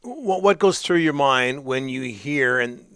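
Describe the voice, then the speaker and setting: A man co-hosting a sports radio show, putting quick, conversational questions to a guest. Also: medium pitch, animated, a bit bright, smooth, no echo, studio quality. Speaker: radio co-host.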